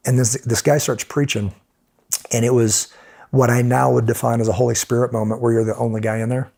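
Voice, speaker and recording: A middle-aged American man and podcast guest telling lively stories in conversation, acting out the voices of the people in them. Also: medium pitch, fairly quick, gravelly. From United States. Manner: animated storyteller who acts out quoted voices. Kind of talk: storytelling in conversation.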